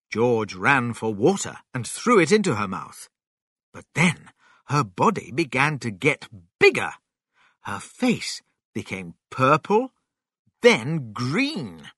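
Slow expressive reader doing a kids story, bright voice, very dry. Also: medium pitch, breathy edge, no room sound. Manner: slow, expressive, sing-song. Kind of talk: children's story narration.

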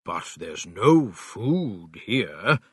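A man voicing a cautious, doubtful male badger in a storybook reading, speaking slowly and hesitantly. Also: fairly low pitch, big pitch swings, breathy edge, no echo, clean studio sound, exaggerated voice. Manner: hesitant, slow.

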